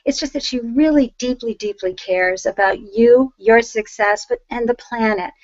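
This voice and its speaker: A woman's voice: fairly high pitch, normal speed, darkish tone, dry recording, lo-fi sound. A woman with a Boston accent hosting an interview show, gushing and effusive as she introduces her guest. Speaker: host.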